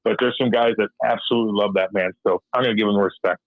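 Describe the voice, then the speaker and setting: A gravelly, fairly low male voice moves fast with fairly even intonation, captured dry and phone-quality. He's a one-time hockey enforcer chatting as a guest, profane and blunt, laughing while he performs old exchanges.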